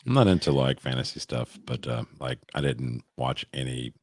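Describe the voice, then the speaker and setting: Very deep-voiced wisecracking man. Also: expressive, normal speed, no room sound, clean studio sound. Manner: joking, wisecracking, mumbles and trails off. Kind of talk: casual chat.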